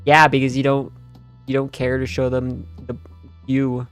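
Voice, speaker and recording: A young man with a gravelly, fry-edged voice, ranting and joking in loose slang. He sounds tired and half asleep, with faint music playing underneath. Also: mid-range voice, flat delivery, normal speed. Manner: rambling, sarcastic, slangy, full of fillers. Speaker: streamer reacting to a game story. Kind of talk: casual rambling commentary.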